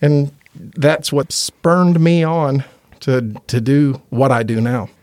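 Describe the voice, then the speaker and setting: A man's voice: medium pitch, fairly even intonation, takes it slowly, darkish tone, no echo, clean studio sound. A man from Indiana, a gospel quartet tenor, telling earnest, chatty stories as a podcast guest and laughing easily. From Indiana, USA. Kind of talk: casual interview storytelling.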